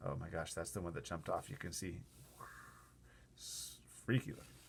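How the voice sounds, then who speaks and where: A man's voice: low-pitched, level tone, fast talker, gravelly, breathy edge. A man reading a children's book aloud, stopping for chatty asides to his listeners. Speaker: storyteller.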